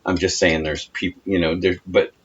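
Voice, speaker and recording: A man's voice: low-pitched, flat delivery, normal speed, husky. A man co-hosting a casual podcast, swearing freely and acting out the voices of people in his stories. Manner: swears freely, acts out quoted voices animatedly. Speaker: podcast co-host. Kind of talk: casual chat. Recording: dull lo-fi sound with faint noise.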